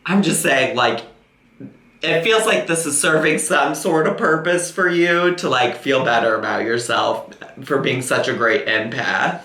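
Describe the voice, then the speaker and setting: Sarcastic man with a lively bright voice. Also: mid-range voice, unhurried, roomy sound. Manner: sarcastic, teasing. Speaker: commentary YouTuber. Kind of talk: reaction commentary.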